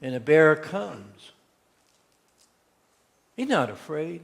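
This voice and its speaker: A man's voice: a little high, expressive, a little slow. A man preaching a sermon as pastor, telling folksy stories and acting out quotes. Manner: folksy storytelling with acted-out quotes. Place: church sanctuary. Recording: long church hall reverb.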